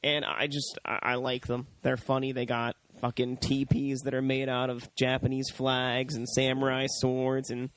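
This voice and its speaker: A man co-hosting a movie review show in casual chat, animated and profane, often mimicking characters in high voices. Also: moderate pace, few pauses, rough recording. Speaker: podcast co-host.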